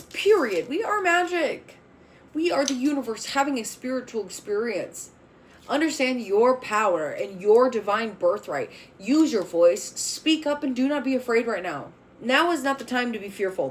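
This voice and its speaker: A woman's voice: fairly high pitch, slight background noise. A woman reading tarot cards on a spiritual vlog, speaking bluntly and with fiery emphasis, swearing freely as she makes bold declarations. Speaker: tarot reader.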